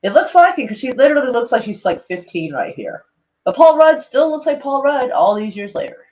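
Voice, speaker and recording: A woman's voice: sits high, very animated, a little fast, darkish tone. A woman vlogger reading tweets aloud and reacting in a rambling, casual way, full of "like" and frequent swearing. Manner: rambling, heavy on "like", swears often. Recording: dull lo-fi sound.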